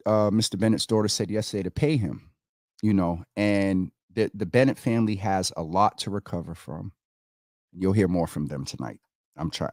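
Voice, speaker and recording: A man's voice: lowish voice, no room sound, clean studio sound. An earnest man hosting a casual community talk show, speaking straight to his viewers. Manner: earnest, animated, addresses viewers as y'all. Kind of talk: casual livestream commentary.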